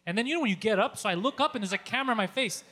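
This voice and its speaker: A Greek man, a stand-up comedian, telling a story in casual chat, animated and profane, acting out shouted lines. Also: high-pitched, very fast. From Greece.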